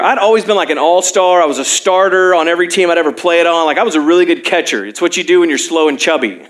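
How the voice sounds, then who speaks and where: A young male pastor with a fairly high voice, preaching from a church stage. He tells personal stories with self-deprecating humor, laughing often as he goes. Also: a bit bright. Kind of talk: sermon.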